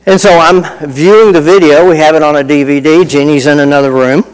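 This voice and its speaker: A man's voice: on the high side, steady tone, brisk, smooth, long reverb tail, poor audio. A middle-aged man preaching a sermon in a folksy, conversational way, telling personal stories with asides. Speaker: pastor.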